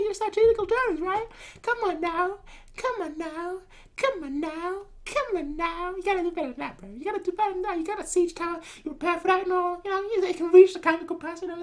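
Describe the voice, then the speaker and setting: A woman voicing a cocky, mocking male warlord who taunts his enemies in a drawn-out, teasing way. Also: very high voice, pitched above the performer's own voice.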